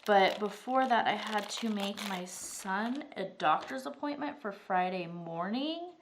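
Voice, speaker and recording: A woman's voice: medium pitch, lively intonation, a little slow, slight background noise. A woman in her thirties, recovering from strep throat and breathing a little heavily, chatting and rambling casually while she works on a craft at her table. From Arizona, US. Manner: chatty, rambling, says "like" often. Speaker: vlogger.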